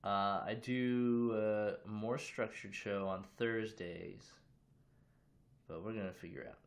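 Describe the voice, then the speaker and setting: A man's voice: fairly low pitch, fairly even intonation, slow pace. A man casually hosting a livestream from his room, chatting loosely and greeting viewers with questions. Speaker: livestream host.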